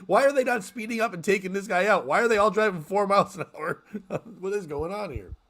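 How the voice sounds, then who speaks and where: A man's voice: high-pitched, a little fast, a bit bright. A man hosting a live morning talk stream, chatting loosely and laughing as he jokes. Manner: loose and joking, often laughing. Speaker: podcast host. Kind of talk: casual live-stream chat.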